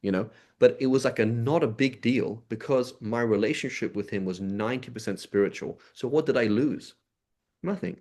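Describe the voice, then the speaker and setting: Speaking at normal speed in a mid-range, somewhat mellow voice, a male Islamic teacher leads a casual religious lesson. He talks conversationally and frequently asks his audience "right?" or "you know?" to check they're following.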